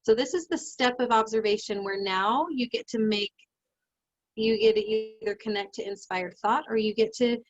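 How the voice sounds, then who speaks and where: Animated woman coaching over a video call. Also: on the high side, moderate pace, no echo, dull audio. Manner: animated, emotional, laughs often. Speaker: life coach.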